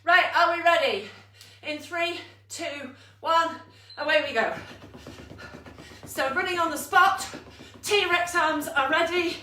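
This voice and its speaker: A woman leads an online workout class from home, cheerful and laughing at herself as she counts down each round. Her high, bright voice is slow and out of breath. It sounds roomy and a little distant from the mic. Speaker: fitness instructor. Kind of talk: live online exercise class.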